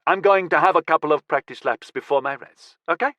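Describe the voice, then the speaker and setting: A male narrator voicing a brisk, upbeat young woman racer. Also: sits low, fairly bright tone, no room sound, highs cut off, pitched above the performer's own voice.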